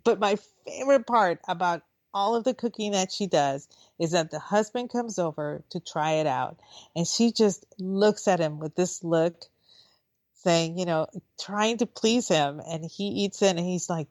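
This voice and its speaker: Woman, lowish voice, dry close sound, chatty laughing storyteller, casual talk show. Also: dry recording. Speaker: co-host. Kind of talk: casual chat.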